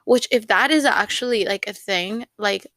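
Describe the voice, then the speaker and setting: A woman's voice: mid-range voice, normal speed, fairly bright tone, no room sound. A young woman hosting a casual solo podcast, rambling with many fillers and repeated words. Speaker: podcast host.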